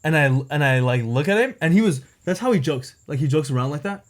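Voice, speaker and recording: A man's voice: a little high, lively intonation, fast talker. A young man on a podcast telling a long personal story in casual chat, rambling and packed with filler words. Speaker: podcast co-host.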